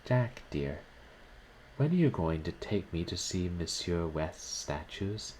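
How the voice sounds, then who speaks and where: A man's voice: sits low, animated, slow pace, a little mellow, slight background noise, rough recording. A man reading aloud and voicing an anxious young woman who nervously pleads during a bombardment. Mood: anxious, pleading.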